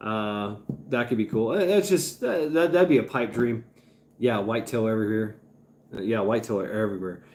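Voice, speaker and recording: A livestream host with a lowish, darkish voice chats casually with viewers at a moderate pace, reading chat and rambling. He stammers, restarts and swears now and then.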